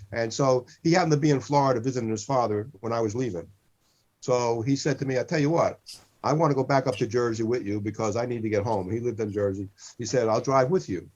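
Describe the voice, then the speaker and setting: Medium-pitched with a darkish tone, this man in his sixties co-hosts a comedy podcast and spins rambling, funny tales. He loses the thread, circles back to the same points, and often says "listen." The audio comes through muffled, with a lo-fi quality.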